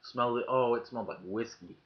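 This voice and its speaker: A man's voice: mid-range voice, fast talker. A man telling a story casually to his webcam, swearing freely and acting out the lines of people in it. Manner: profane, acts out quoted lines in the story. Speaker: vlogger. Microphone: webcam mic. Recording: dull lo-fi webcam audio.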